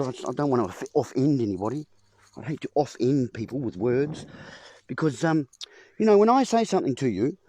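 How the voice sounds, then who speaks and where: Speaking to the camera in front of him from home, with a whiteboard on hand, a video host rambles through puns and refers to viewers as "folks." His voice is mellow and slightly high.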